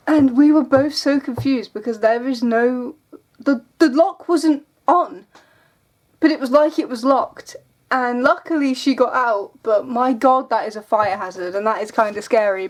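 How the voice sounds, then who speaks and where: A young woman vlogging at home, telling stories in a rambling, giggly way. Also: on the high side. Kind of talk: casual vlog chat.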